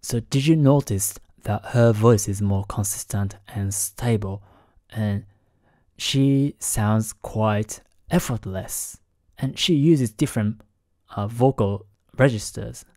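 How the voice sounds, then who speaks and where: A man hosting a lesson on singing technique, explaining in a careful, halting way and keeping his voice down because it is late at night. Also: on the low side, a little mellow, no echo, clean studio sound. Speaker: host analyzing singing technique. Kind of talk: explanatory commentary.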